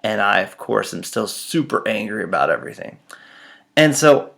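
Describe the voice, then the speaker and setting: A man's voice: fairly low pitch, lively intonation, moderate pace, creaky, a bit bright. A man telling self-mocking personal stories in a casual, dramatic way. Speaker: storyteller.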